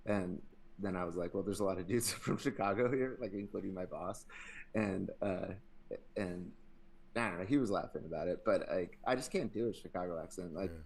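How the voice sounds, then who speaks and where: Rambling, low-voiced male podcast host. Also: a little fast, vocal fry, a little mellow. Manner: rambling, profane, laughs a lot. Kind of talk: casual podcast chat.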